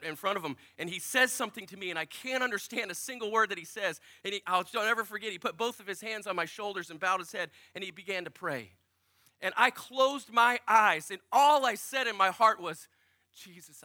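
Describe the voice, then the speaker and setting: A male preacher with a high, bright voice gives a sermon testimony in a small strip-mall church. His storytelling is emotional, and he drops to near-whispers when voicing his inner prayers.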